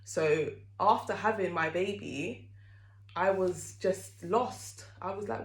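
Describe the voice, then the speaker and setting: A woman's voice: on the low side, slow. Candid woman vlogging in an echoey room. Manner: chatty and candid, with many fillers. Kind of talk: candid talk to camera.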